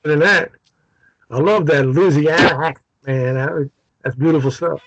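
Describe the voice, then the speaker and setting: A man's voice: fairly high pitch, moderate pace, fairly bright tone. A man with a New York accent leading a casual Bible study over a video call, chatty and joking, with lots of fillers. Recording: dull video-call audio.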